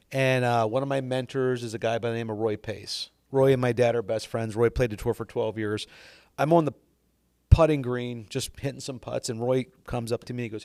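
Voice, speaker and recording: Gravelly-voiced man telling lively stories. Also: mid-range voice, no room sound, clean studio sound. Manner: lively storyteller, acts out quoted dialogue. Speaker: golf instructor, podcast guest. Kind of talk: casual storytelling conversation.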